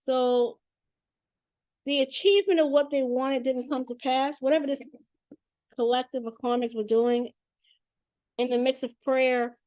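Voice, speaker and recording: A woman giving a casual spiritual reading in an animated, chatty and profane way. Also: high-pitched, unhurried, pauses often, dry recording, muffled recording. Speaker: spiritual reader.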